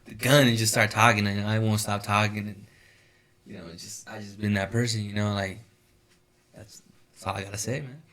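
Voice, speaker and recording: A man's voice: fairly low pitch, flat delivery, moderate pace, fairly bright tone. Rambling, cussing young man. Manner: rambling, profane, heavy on "you know, like" fillers. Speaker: podcast co-host. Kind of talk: casual chat.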